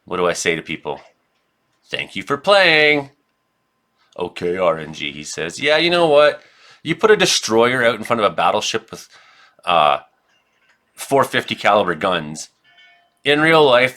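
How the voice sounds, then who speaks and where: Excitable man rambling over gameplay. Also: lowish voice, moderate pace. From Canada. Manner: rambling, excitable, reacts loudly to hits. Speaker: gaming streamer and weather forecaster. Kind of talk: casual gameplay commentary.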